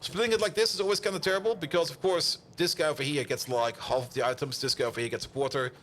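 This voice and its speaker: A man's voice: on the high side, steady tone, quick pace, a bit bright, slight background noise. A man with a German accent chatting and laughing through a game stream. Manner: rambling, laughs often, talks to chat. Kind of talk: casual gaming commentary.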